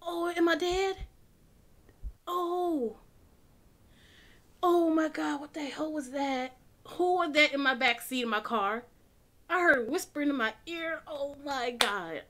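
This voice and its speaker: A woman's voice: high-pitched, takes it slowly, pauses often, bright, forceful tone. A young woman, playing a horror game and talking to herself, swearing and jumpy. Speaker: gaming channel host. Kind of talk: horror game let's play.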